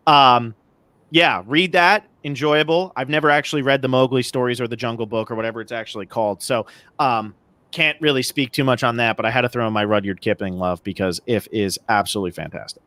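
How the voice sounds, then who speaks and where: A man's voice: mid-range voice, a little fast, bright, forceful tone, dry recording. Gushing man on a casual podcast. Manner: enthusiastic, gushing, joking. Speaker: podcast co-host. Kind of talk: casual chat.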